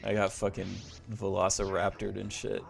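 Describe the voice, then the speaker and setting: A man's voice: deep voice, completely flat delivery, moderate pace, creaky. A man streaming a fighting game from a small office corner, swearing, yelping and laughing as he plays, with game music behind him. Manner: profane trash talk, frequent yelps and laughter. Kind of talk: live gameplay commentary.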